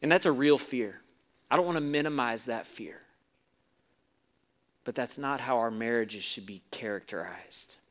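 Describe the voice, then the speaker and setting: Preaching to his congregation, this pastor acts out a story's characters in their own voices, swinging from quiet, low moments to loud, forceful ones. He speaks a little slowly and pauses often.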